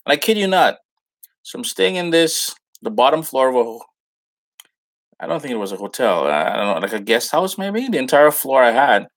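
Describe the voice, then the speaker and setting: Man, Trinidadian accent, gravelly voice, relaxed live-stream host, casual slangy chat. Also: medium pitch, normal speed. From Trinidad and Tobago. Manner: relaxed, greets viewers by name, Caribbean slang. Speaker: cooking show host.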